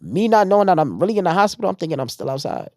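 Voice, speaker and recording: A man's voice: high voice, rapid-fire, dry recording, clean studio sound. A man telling his own story in a casual interview, acting out what other people said to him. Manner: animated retelling, acting out others' lines. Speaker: podcast guest.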